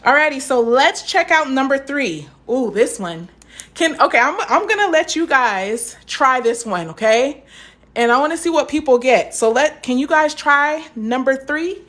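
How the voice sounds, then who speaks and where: A woman's voice: high-pitched, expressive, moderate pace, a bit bright. A young woman teaching a live math lesson, chatty and encouraging, stopping to answer viewer comments.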